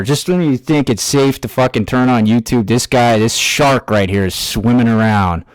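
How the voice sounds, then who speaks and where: An angry man rants through a reaction video and swears in nearly every sentence, stopping and restarting as he talks. His pitch sits in the middle range. The sound is dry and close, with no room echo. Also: animated. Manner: angry, heavily profane ranting; halting, with restarts and fillers. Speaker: YouTube commentator. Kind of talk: ranting reaction commentary.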